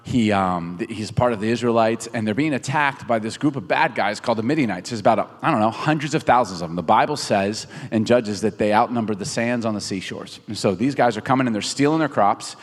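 Casual preacher in a reverberant hall. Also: male voice, lowish voice, fairly quick, hardly any pauses. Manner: conversational and animated, jokes with the audience. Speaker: pastor. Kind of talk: casual sermon storytelling.

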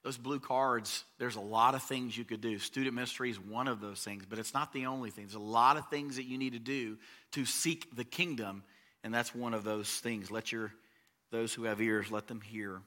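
A man preaching a sermon as pastor, talking in a conversational way and swelling louder on key phrases. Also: mid-range voice, steady tone, normal speed.

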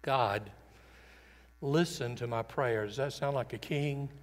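A man preaching a sermon, earnest and emphatic, swinging between loud declarations and quiet, intimate passages. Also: mid-range voice, takes it slowly. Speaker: pastor. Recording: long reverb of a large hall.

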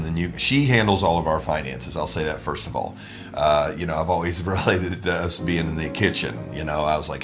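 A man co-hosting a relaxed talk on relationships, who laughs often and gets animated when he retells a quarrel. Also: sits low. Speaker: ministry co-host. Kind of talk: casual conversation about marriage.

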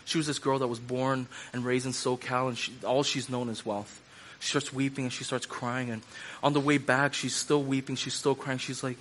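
A man's voice: medium pitch, steady tone, moderate pace, fairly bright tone, slight background noise. A man preaching a sermon in a loose conversational way, repeating phrases for emphasis and using casual fillers. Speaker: pastor.

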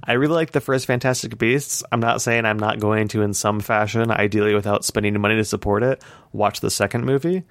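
A man's voice: on the low side, steady tone, fairly quick, fairly bright tone, no room sound, studio quality. A man co-hosting a podcast in casual chat, ranting heatedly with lots of swearing and "like" fillers. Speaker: podcast co-host.

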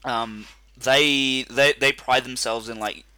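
A man co-hosting a casual chat, rambling and animated with lots of fillers. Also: mid-range voice, takes it slowly, smooth, dry recording. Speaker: podcast co-host.

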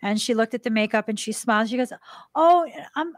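A woman's voice: quick pace, no echo, clean studio sound. A woman hosting a spiritual podcast, telling a personal story in a casual way and acting out the voices in the dialogue. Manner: animated, acts out quoted dialogue in a higher voice; drops to a soft, hushed voice for tender moments. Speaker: podcast host.

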